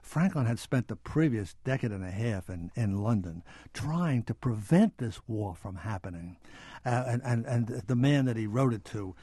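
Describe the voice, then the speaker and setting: A man's voice: medium pitch, lively intonation, moderate pace, mellow, slightly rough, dry recording. An older man, an author and historian, reading from his book and then answering interview questions with many small restarts.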